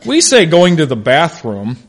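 Man teaching a lively Bible class. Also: a little high, measured pace, a little hiss or hum. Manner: animated storytelling, calls on class members by name.

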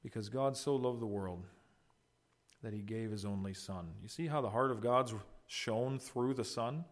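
A middle-aged man preaching a sermon in an earnest style, swinging between loud and soft. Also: moderate pace. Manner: earnest preaching with wide swings in loudness and pitch. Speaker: pastor.

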